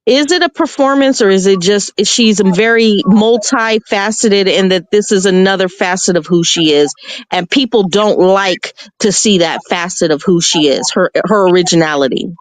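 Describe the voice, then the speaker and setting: A man's voice: sits high, moderate pace, dry recording. A man with a Southern accent arguing bluntly and profanely on a casual panel. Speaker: podcast panelist. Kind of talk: heated casual debate.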